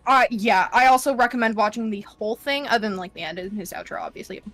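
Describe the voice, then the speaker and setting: A woman chatting casually on a stream, excitable and swearing, laughing often. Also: mid-range voice, quick pace, faint music behind. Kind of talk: casual reaction chat.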